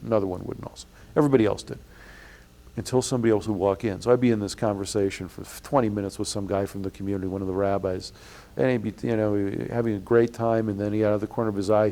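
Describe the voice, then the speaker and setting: A man with a lowish voice and vocal fry is interviewed about his experiences. The blogger's storytelling is long and rambling, full of restarts and indignation, and he loudly acts out the people he quotes.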